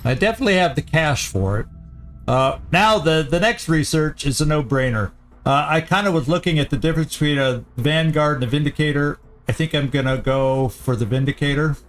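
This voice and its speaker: A man hosting a let's play, giving casual gameplay commentary as he thinks aloud, often halting and restarting. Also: on the high side, a little hiss or hum.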